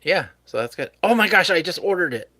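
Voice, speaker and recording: A man's voice: high voice, big pitch swings, brisk, pushed and bright, no echo. A man hosting a live stream, chatting casually with his viewers and chuckling often. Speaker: livestream host.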